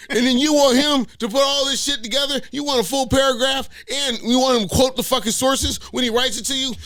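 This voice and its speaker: A man's voice: extremely high pitch, fairly even intonation, fast, few pauses, a bit bright, a little hiss or hum. A man co-hosting a podcast in casual chat, joking and swearing, often stammering as he restarts. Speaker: podcast co-host.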